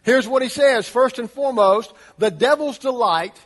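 Pastor, male, high voice; earnest sermon delivery full of rhetorical questions, recorded in a reverberant church hall. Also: moderate pace, a bit bright. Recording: long reverb of a large hall.

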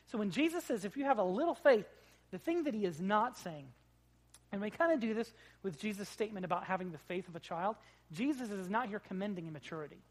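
A pastor preaching a sermon in a conversational, joking way, swinging between loud emphasis and quiet asides. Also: medium pitch. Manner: conversational, with jokes and acted-out quotes.

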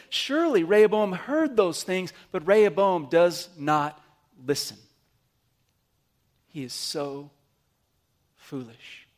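Animated high-voiced man preaching. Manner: animated, swings between loud emphasis and quiet asides. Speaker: pastor. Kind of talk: sermon.

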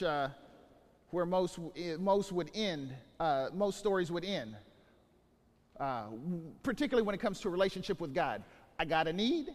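Animated man preaching in an echoing hall. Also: sits high. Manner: animated storytelling, swings from loud to quiet. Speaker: pastor. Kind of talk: sermon.

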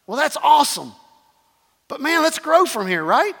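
A man's voice: very high-pitched, big pitch swings, normal speed, bright, forceful tone, big-room sound. A man preaching a sermon, repeating phrases emphatically and calling the congregation to respond. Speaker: pastor.

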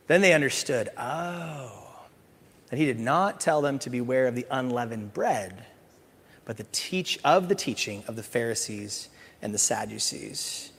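A middle-aged male pastor preaching a sermon, animated, swinging from loud emphasis to hushed asides and playful acted voices. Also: medium pitch, unhurried, husky. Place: church sanctuary. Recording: church hall with long reverb.

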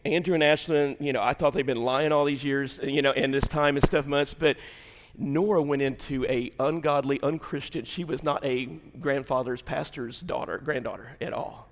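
An older man preaching a sermon, telling a family story and rising to loud, shouted peaks. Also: fairly high pitch, long reverb tail. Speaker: pastor.

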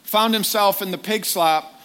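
A man's voice: high-pitched, measured pace, a bit bright, clean tone. A man preaching a sermon in a conversational way, often putting direct questions to his listeners.

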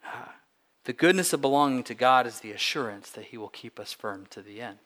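A male pastor delivering a sermon from the pulpit at a middle pitch. He speaks earnestly and builds emphasis by repeating phrases and leaning on single words. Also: brisk, a bit bright.

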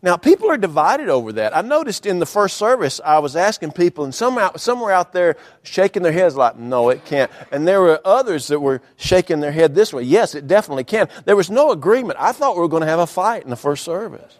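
A man preaching a sermon from the pulpit of a church, using dramatic pauses, emphatic repetition and folksy humor. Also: high-pitched, very animated. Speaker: pastor. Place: church sanctuary.

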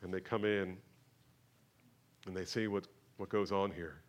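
A man preaching a sermon to his church, moving from quiet, conversational talk to loud, emphatic passages. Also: low-pitched, fairly even intonation, measured pace. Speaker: pastor. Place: church sanctuary.

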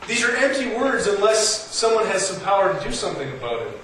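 An earnest preacher with a fairly high voice talks to his congregation in a plain, conversational way. His voice rises on the points he stresses. He sounds far from the mic, with a strong echo of a large room and a faint hum behind him. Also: very animated, fairly quick, fairly bright tone. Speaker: pastor. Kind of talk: sermon. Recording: echoey hall from far off, faint noise.

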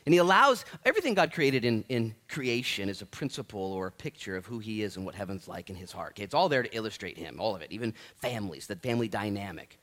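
A man's voice: on the low side, sing-song, fast, hardly any pauses. A man in his thirties preaching a sermon as pastor, joking and self-deprecating, with many restarts.

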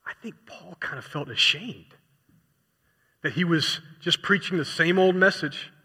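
A man's voice: fairly high pitch, a little slow, pushed and bright, husky. A man preaching a sermon in a conversational way, often asking his listeners rhetorical questions. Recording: long reverb hall.

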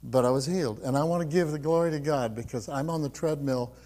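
A man's voice: fairly high pitch, quick pace, warm tone. An older man giving a personal testimony, telling his story with frequent laughs and quoting others as he goes. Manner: storytelling, laughs often, acts out quotes.

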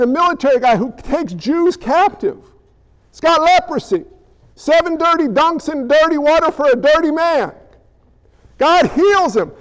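A male preacher with a strikingly high voice, delivering an animated sermon full of pointed rhetorical questions. His voice rings out with a long reverb from a large hall.

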